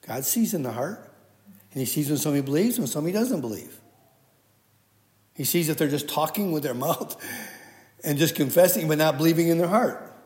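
A man's voice: a little high, darkish tone. A man giving a conversational sermon, quoting scripture and often restarting his sentences. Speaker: preacher. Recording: echoey hall with long reverb.

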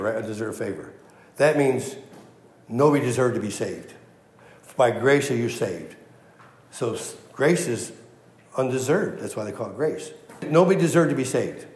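A man's voice: mid-range voice, a little mellow, reverberant. A man preaching a sermon as pastor, emphatic and repeating his key phrases for weight. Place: church.

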